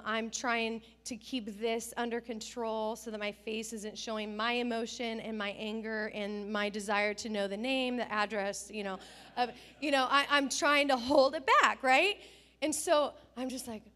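A woman's voice: a little high, measured pace. A middle-aged woman pastor giving a sermon, telling stories animatedly and acting out the quotes. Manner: animated storytelling with acted-out quotes.

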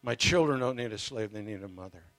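A man's voice: lowish voice, fast talker, fairly bright tone, dry recording, lightly acted. A man voicing a grieving, devoted husband and prophet in a retold story, speaking tenderly and pleadingly.

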